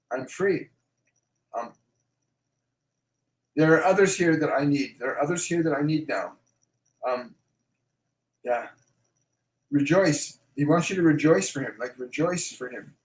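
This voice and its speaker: Male medium hosting a livestream Q&A, slightly higher voice, echoey room. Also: darkish tone. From Canada. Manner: repeats phrases, slow and emphatic when relaying messages. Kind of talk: live stream Q&A, relaying messages.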